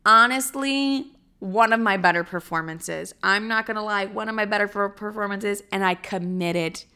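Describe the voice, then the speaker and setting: A young woman hosting a podcast who tells a story in a casual, animated way, swearing freely. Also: moderate pace, clean tone. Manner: animated, crude, swears freely, acts out quotes in a high voice.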